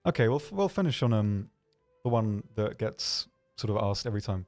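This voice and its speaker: A man hosting a livestream, answering viewer questions in a hesitant, rambling way with dry, deadpan humor. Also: fairly low pitch, moderate pace, soft background music. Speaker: livestream host.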